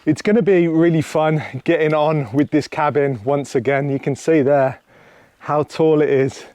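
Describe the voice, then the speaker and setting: Young male vlogger, slightly high voice, dry outdoor sound, eager and chatty. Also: fairly even intonation, moderate pace, darkish tone, no room sound. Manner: enthusiastic, chatty. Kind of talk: casual vlog to camera. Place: outdoors on a hillside.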